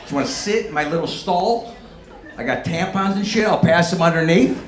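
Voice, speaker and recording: A man doing a stand-up comedy set in a brash, profane way, with animated bursts. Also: on the high side, moderate pace. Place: comedy stage before a live audience. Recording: echoey room with loud background noise.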